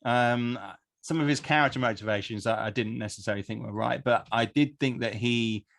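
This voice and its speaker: Man, gravelly voice, mid pitch, measured, agreeable, casual review chat. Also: fairly bright tone. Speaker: podcast co-host.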